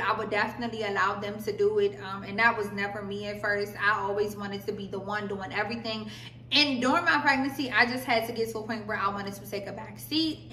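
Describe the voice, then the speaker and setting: A woman's voice: a little high, sharp tone, slight background noise. A young woman vlogging casual pregnancy advice, chatty and talking straight to her viewers as "y'all". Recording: echoey room, voice a bit far from mic.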